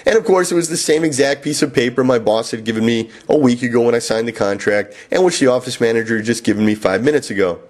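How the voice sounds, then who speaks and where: A man's voice: mid-range voice, quick pace, hardly any pauses, a little mellow. A man reading his own first-person memoir in a wry, sardonic way. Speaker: author and narrator.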